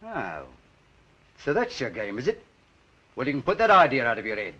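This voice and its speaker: An actor playing a brash, blunt man who keeps a lighthouse and speaks. He talks in a gruff, wisecracking way. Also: mid-range voice, wildly swooping pitch, normal speed, sharp tone, exaggerated voice. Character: brash cocky male London lighthouse keeper. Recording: muffled 1930s film soundtrack.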